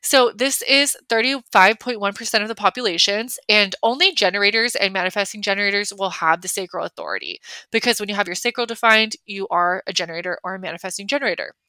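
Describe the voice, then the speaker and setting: A woman's voice: medium pitch, quick pace, bright, forceful tone, no echo. A young woman hosting a podcast, talking casually and chattily with lots of fillers. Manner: chatty, many fillers, acts out her own reactions. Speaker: podcast host. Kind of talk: casual solo talk.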